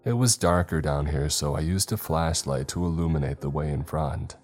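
A man narrating a first-person horror story in a tense, measured way. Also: a bass voice, a little mellow, soft background music.

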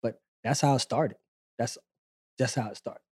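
A man in his forties, hosting a podcast and casually telling his life story in a relaxed, conversational way. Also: mid-range voice, normal speed, slightly rough. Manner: relaxed, conversational, acts out quoted dialogue.

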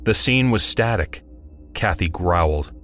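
Low, lively male narrator with a dry, wry manner for a horror audio story, with faint music behind. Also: a little slow.

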